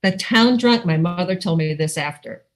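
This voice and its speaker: A middle-aged woman from Iowa giving a personal recovery testimony over a video call, animated and laughing often as she acts out quotes. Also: fairly low pitch, moderate pace, rough recording. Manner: animated storytelling with frequent laughs and acted-out quotes. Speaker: recovery meeting speaker. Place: home, online video call. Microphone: video call microphone.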